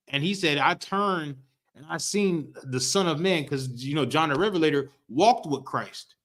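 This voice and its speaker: A man's voice: a little high, fairly bright tone. Man teaching scripture in slangy street talk. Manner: reads verses slowly, then explains loosely with "right?" and acted reactions. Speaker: street teacher of a history class.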